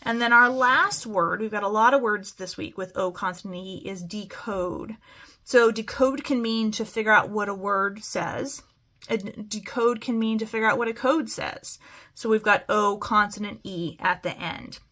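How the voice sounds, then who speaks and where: A woman's voice: mid-range voice, pushed and bright. A woman teaching a phonics lesson to children, stretching out words as she models them. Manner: slow, stretched-out word modeling.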